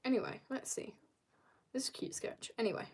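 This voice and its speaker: A woman's voice: high-pitched, brisk, slightly rough, in a whisper. A teenage girl chatting casually on a drawing livestream, rambling and laughing at herself as she tells stories. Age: teens. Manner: rambling, self-mocking, giggly storytelling. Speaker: streamer.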